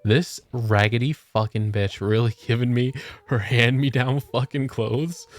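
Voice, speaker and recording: Soft background music plays as a man with a mid-range, steady voice talks in an unhurried way. He's streaming a game and keeping up profane, joking banter with his chat.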